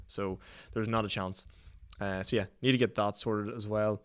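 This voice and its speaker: A Northern Irish man in his twenties hosts a solo podcast, speaking briskly in a low-leaning voice with a clean tone and fairly even intonation. His casual chat is full of rambling, self-mocking stories, swearing and laughter.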